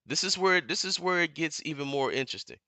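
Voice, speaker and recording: A man's voice: a little high, lively intonation, fast talker, dry recording. Heated, profane man ranting about football. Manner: heated, profane, repeats himself, builds to shouting. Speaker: sports commentator streamer. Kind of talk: angry fan rant on a live stream. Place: home living room.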